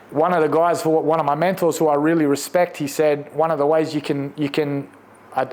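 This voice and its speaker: Australian man, forties, slangy testimony, laughs a lot, slightly high voice. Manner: animated, laughs often, slangy. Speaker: guest sharing testimony. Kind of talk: casual testimony.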